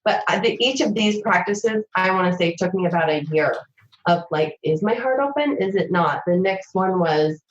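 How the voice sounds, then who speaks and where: A woman's voice: fairly low pitch, expressive, moderate pace, a little hiss or hum. Reflective woman coach in a roomy, dull recording. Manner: reflective, explains in steps, asks herself questions aloud. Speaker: intimacy coach guest. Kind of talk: conversational interview.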